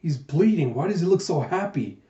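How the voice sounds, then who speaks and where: A man voicing a blunt, unimpressed young fighter in a flat, deadpan way. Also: on the high side, a little fast, natural voice. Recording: echoey room, dull sound.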